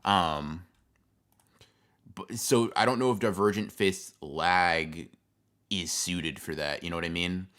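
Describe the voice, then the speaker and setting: A man's voice: sits low, slow pace, long pauses, fairly bright tone, clean tone. A man co-hosting a stream in casual chat, rambling with many fillers and swear words. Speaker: stream co-host.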